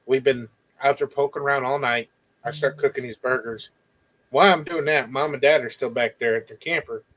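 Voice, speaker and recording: 男性の語り手、生き生きと体験談を語る. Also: male voice, medium pitch, brisk, low-quality recording. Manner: animated, quoting others in lively bursts. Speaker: guest. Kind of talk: casual storytelling.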